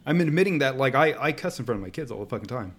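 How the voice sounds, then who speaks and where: A young man with a mid-pitched voice tells lively stories in a casual chat. He swears a lot and slips into other people's voices as he quotes them. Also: racing, husky. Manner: animated storytelling, swearing, acts out quotes.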